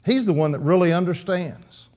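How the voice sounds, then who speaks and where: A man's voice: sits high, normal speed, a little mellow. A man preaching an earnest, emphatic sermon in church, often restarting his phrases.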